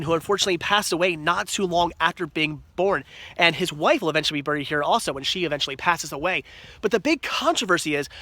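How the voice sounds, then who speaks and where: Excitable high-voiced man vlogging. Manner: excitable, gushing enthusiasm. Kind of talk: casual vlog narration. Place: outdoors at a cemetery, then inside a video store.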